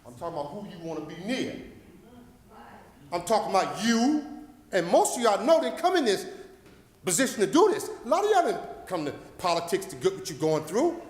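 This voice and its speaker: A high-pitched, very animated man from Paterson, New Jersey speaks briskly during public comment at a city council meeting. His impassioned, preacher-style rant rambles, and its volume rises and falls, all echoing through a reverberant chamber.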